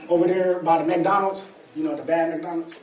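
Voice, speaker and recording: High-voiced man telling his story. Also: brisk, very noisy. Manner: animated, colloquial storytelling with laughter. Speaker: motivational speaker. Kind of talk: personal storytelling talk to an audience. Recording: echoey room, distant mic, faint ambience.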